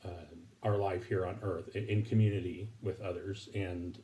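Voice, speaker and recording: A man giving a recorded Bible lesson to his congregation, speaking haltingly with many fillers and restarts. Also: low-pitched, fairly even intonation, dark tone. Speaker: preacher.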